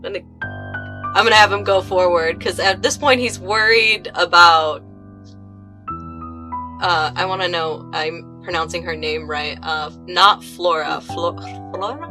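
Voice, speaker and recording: Bright-voiced woman player. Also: lowish voice, measured pace, pauses often, soft background music. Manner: animated, hesitant, rambling. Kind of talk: casual tabletop play.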